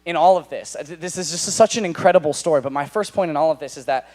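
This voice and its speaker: A young man with an American accent preaching a sermon to young adults, animated, acting out the characters in paraphrase. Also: a little high, fast talker. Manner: animated, voices God and Elijah in paraphrase.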